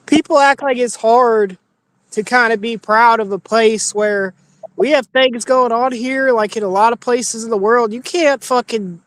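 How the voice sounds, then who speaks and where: A man co-hosting a podcast, talking about politics in a blunt, quick, profane way. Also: very high-pitched, no echo, low-quality recording. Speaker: podcast co-host. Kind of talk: casual political chat.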